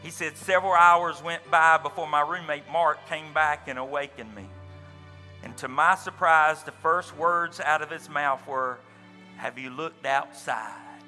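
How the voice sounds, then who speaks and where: A man's voice: on the high side, steady tone, unhurried, pushed and bright, in a large hall, faint music behind. A man preaching a sermon as pastor, telling a story with quoted dialogue and folksy asides. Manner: storytelling, retelling another man's account with quoted dialogue.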